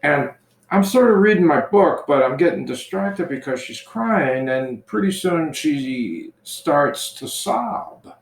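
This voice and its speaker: A man who is a priest, telling a personal story slowly and gently in casual conversation. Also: a little high, expressive, vocal fry. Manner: slow, gentle storytelling with restarts. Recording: echoey room.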